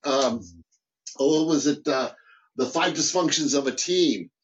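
Animated man, slightly high voice, dull audio. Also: a little slow. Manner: animated, frequent restarts and repeated words. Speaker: guest, business mentor. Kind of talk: casual interview talk.

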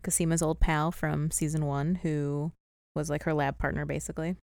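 A woman's voice: low-pitched, level tone, normal speed, vocal fry, a little mellow, no echo. A young woman co-hosting a podcast, chatting casually and giggling often as she recaps an episode. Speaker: podcast co-host.

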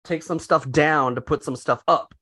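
A man co-hosting a casual podcast, talking loosely with frequent restarts and plenty of swearing. His voice sits at an ordinary male pitch. The sound is dry and close, with no room around it. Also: moderate pace, pushed and bright, husky, no room sound. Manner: rambling, profane, lots of restarts. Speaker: podcast co-host. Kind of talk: casual chat.

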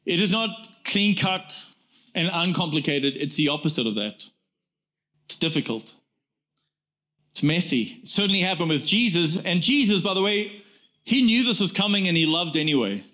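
A man in his forties delivers a church sermon in a high, ringing voice. He hammers his points through repetition and keeps turning to the congregation with "guys.". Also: lively intonation, normal speed, sharp tone. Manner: emphatic preaching, repeats phrases, addresses congregation as "guys". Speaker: pastor.

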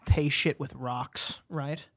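A young man co-hosting a podcast in casual chat, brash and cocky, joking around in quick bursts. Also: on the high side, steady tone, a bit bright. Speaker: podcast co-host.

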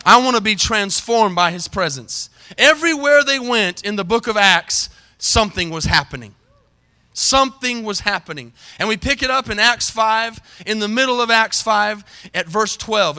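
A middle-aged man preaching a sermon from a church pulpit, his voice high and bright. He speaks with a smooth, resonant clarity and keeps drawing the congregation in with calls for an amen. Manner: preaching with call-and-response "amen" questions. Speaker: pastor. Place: church sanctuary.

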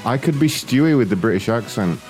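A man's voice: mid-range voice, expressive, a little fast, loud music behind the voice. A young man making prank phone calls, laughing a lot and talking crudely with a mocking manner. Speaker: prank caller. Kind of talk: prank phone call, casual commentary.

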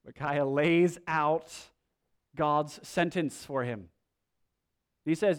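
A man's voice: fairly high pitch, slow pace, long pauses. A male pastor preaching a sermon in a conversational way, with wry asides.

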